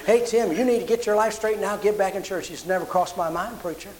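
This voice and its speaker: A man's voice: high-pitched, fast, a little hiss or hum, poor audio. A man preaching a sermon, telling personal stories and acting out the voices in them. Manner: animated storyteller acting out quotes. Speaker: pastor.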